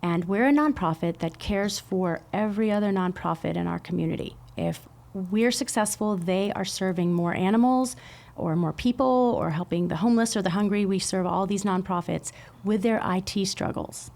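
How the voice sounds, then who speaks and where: Gravelly-voiced woman guest on a podcast. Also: medium pitch, moderate pace. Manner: warm, affirming, explanatory. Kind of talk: casual podcast conversation. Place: podcast room.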